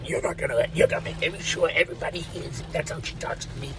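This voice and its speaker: A man's voice: on the high side, very fast. An older man, rambling through a profane, joking vlog monologue. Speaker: vlogger. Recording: distant mic with loud background noise.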